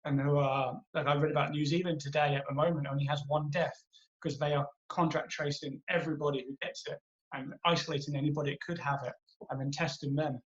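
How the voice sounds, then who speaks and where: A British man chats about a movie, stumbling and restarting his sentences as he goes. His voice sits slightly high. The audio is dull and lo-fi. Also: level tone, fast. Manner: hesitant, lots of restarts. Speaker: podcast co-host. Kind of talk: casual movie chat. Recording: muffled lo-fi audio.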